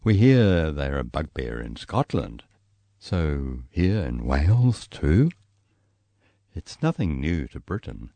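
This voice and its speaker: A man with a New Zealand accent reading his travel memoir aloud, storytelling in a lively way. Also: no room sound. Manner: lively storytelling, voicing quoted people with raised pitch. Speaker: memoir reader.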